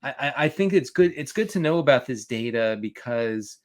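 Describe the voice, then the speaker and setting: A man co-hosting a casual fantasy football podcast, talking with quick restarts, stammers and frequent laughs. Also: mid-range voice, expressive. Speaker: fantasy football analyst co-host.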